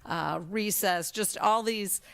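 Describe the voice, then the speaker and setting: A woman's voice: medium pitch, takes it slowly, gravelly, a bit bright, clear, resonant tone. An older woman giving an enthusiastic, chatty trustee report at a school board meeting.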